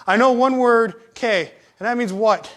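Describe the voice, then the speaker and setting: With an extremely high-pitched, fairly bright voice, this young storyteller takes his time on a live stream. His casual tales wander, swear freely, and mock himself.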